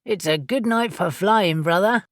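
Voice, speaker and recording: A woman's voice: mid-range voice, unhurried, no room sound, clean studio sound, close to an everyday voice. A woman voicing a wary, suspicious winged man. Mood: uneasy. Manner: wary, blunt.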